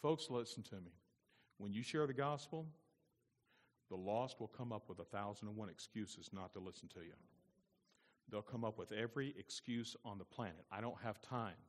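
A man's voice: lowish voice, moderate pace. Preaching man in an echoing church. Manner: preaching with rising, emphatic exhortation and repetition. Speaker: pastor. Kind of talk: sermon. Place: church sanctuary. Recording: long reverb in a church hall.

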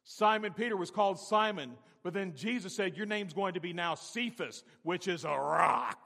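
A man preaching a sermon as pastor, repeating key phrases and swinging from quiet to loud. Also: high voice, normal speed, creaky, few pauses, long reverb tail.

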